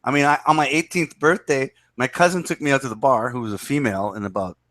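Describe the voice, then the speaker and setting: A man's voice: mid-range voice, quick pace, a bit bright, dry recording. A man in a casual chat, explaining his views at length and repeating himself. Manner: lecturing, repetitive explaining. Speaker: podcast co-host.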